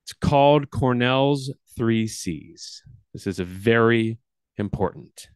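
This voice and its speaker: A man quoting a gentle schoolteacher. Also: medium pitch, takes it slowly, clear, resonant tone, no room sound, clean studio sound, lightly acted. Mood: reassuring. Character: kind, calm middle-aged male schoolteacher.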